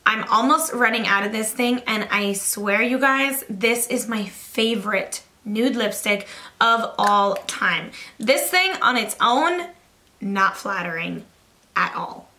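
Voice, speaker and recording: Bright, gushing young woman vlogger. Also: a little high, slow. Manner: chatty and gushing, heavy use of "like" and "literally". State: slightly out of breath. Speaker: beauty vlogger. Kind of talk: casual makeup review vlog.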